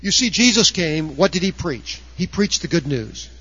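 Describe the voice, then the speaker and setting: A man's voice: on the high side, big pitch swings, normal speed, bright, forceful tone, dull audio. A man preaching a sermon earnestly, raising his voice to act out quoted objectors. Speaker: pastor.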